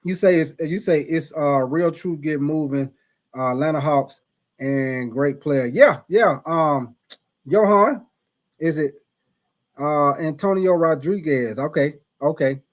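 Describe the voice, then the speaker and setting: A man's voice: a little high, slow. A man hosting a casual live stream, reading chat and greeting viewers by name, with frequent restarts and stumbles over names.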